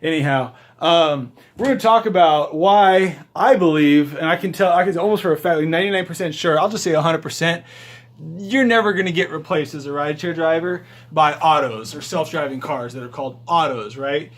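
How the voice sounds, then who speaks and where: A man's voice: on the high side, fairly quick. A man vlogging as a rideshare driver, walking through his house and talking to a handheld phone camera in an emphatic, rambling, motivational way. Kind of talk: casual vlog talk to camera.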